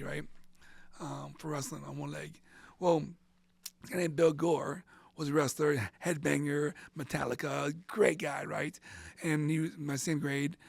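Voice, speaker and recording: A man's voice: on the high side, creaky, no echo. A middle-aged man from central Florida, an interview guest, telling an emotional story in a rambling way, often saying "and all of a sudden" and sometimes dropping almost to a whisper.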